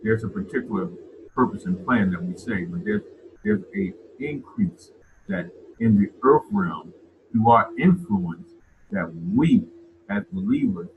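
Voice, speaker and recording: A man's voice: fairly low pitch, big pitch swings, measured pace, vocal fry, narrow, tinny audio, noisy background. A man preaching a sermon, often repeating words as he builds his point.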